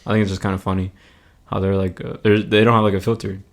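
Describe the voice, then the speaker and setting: Young guy guest on a podcast, kinda low voice, laid back, lots of "like". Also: level tone, fast talker. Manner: easygoing, hedging with "like" and "I mean". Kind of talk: casual chat.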